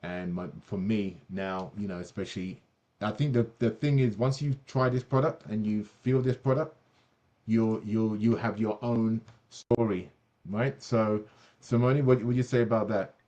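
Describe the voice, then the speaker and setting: A man's voice: lowish voice, fairly even intonation, normal speed, warm tone, muffled recording. A man hosting an online product presentation, talking enthusiastically with many fillers and restarts.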